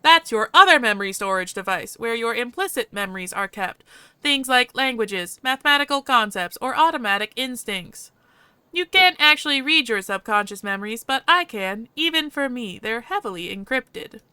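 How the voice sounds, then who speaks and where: A woman's voice: a little high, animated, normal speed, sharp tone, clean tone, no room sound. A woman voicing a sprightly, smug AI companion with a cheerful, self-satisfied manner. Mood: chirpy. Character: sprightly smug AI living in a man's head.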